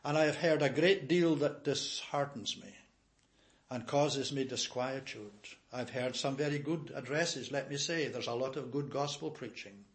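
A man's voice: mid-range voice, moderate pace. An older man preaching a sermon in an earnest, emphatic way, repeating key phrases.

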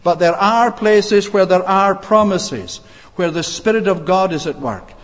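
Preacher, man, measured sermon delivery, slightly high voice, recorded in a reverberant church. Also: lively intonation. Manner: measured preaching with frequent uh fillers and restarts. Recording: long reverb of a church hall.

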